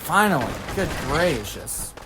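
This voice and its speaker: A man streaming a video game, chatting casually and thinking aloud as he plays, excitable and quick to swear. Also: a little high, noisy background. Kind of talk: casual let's-play commentary.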